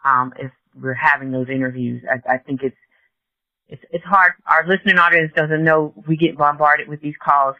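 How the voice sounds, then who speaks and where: A man's voice: on the high side, steady tone, moderate pace, no echo, narrow, tinny audio. A man hosting a podcast, talking casually with many hesitations and restarts. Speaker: podcast host.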